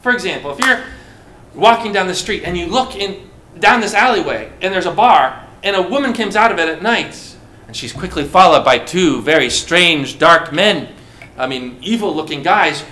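A high, bright male voice preaches a sermon to a gathered audience, asking rhetorical questions as he goes. The sound is roomy and echoes through the hall. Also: moderate pace. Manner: animated, asks the listeners rhetorical questions. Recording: roomy echo.

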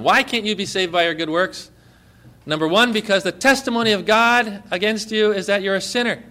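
Emphatic preacher, fairly high-voiced man. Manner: emphatic, swings between loud and hushed. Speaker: pastor. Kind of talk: sermon.

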